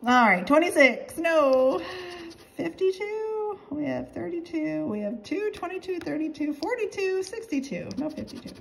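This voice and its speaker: A woman calling out numbers as she scratches lottery tickets, excitable and quick to laugh. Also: sits high, vocal fry, slight background noise. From North Carolina. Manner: reads numbers aloud, excitable, laughs often. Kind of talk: casual commentary while scratching tickets.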